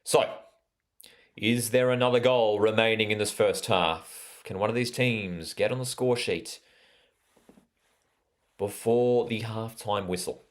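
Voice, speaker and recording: Young Australian male host, casual live match commentary, lowish pitch, chatty with fillers. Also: slow, long pauses. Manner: chatty, reads out live chat, frequent fillers. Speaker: watchalong host.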